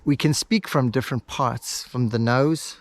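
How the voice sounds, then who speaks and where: A man teaching hypnosis, switching between quick lively talk and a slow, soft, paused delivery. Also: medium pitch. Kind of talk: instructional video monologue.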